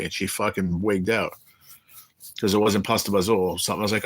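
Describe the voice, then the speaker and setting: A man's voice: deep voice, fairly quick, a bit bright, husky, no room sound. A middle-aged man hosting a casual livestream, telling blunt, profane stories and answering chat. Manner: blunt, profane storytelling, reading chat aloud. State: sick, undergoing cancer treatment. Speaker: livestream host. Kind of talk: casual live-stream chat. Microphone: phone or webcam.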